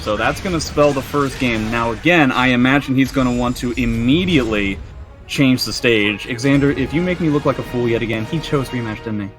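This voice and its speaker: A man's voice: mid-range voice, brisk. A young man giving analytical play-by-play commentary on a fighting game match, with self-mocking banter. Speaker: esports commentator. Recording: faint music underneath.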